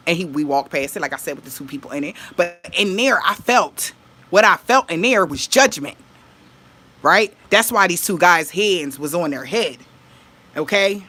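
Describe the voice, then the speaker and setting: A woman's voice: lowish voice, animated, normal speed, sharp tone. A woman, telling a dream story to her viewers in casual vlog talk, laughing, swearing and acting out what people said. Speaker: vlogger.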